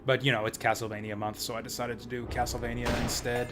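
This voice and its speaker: A man's voice: medium pitch, little pitch movement, fast talker, loud music behind the voice. A young man streaming a game and chatting casually, laughing and using lots of filler words. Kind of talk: casual gameplay commentary.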